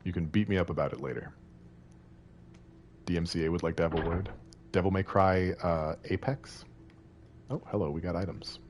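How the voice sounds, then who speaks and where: A man's voice: deep voice, normal speed, pauses often, a little hiss or hum. A man streaming a game, chatting playfully with viewers, rambling between lines of game text he reads aloud. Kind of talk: casual live-stream chat while playing.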